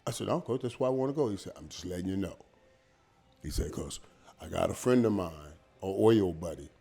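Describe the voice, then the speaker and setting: A middle-aged man who used to play pro football sits in as an interview guest, telling stories in a relaxed, animated way, repeating words and calling people "man" and "dog." His low voice is creaky with a breathy edge, and he talks briskly.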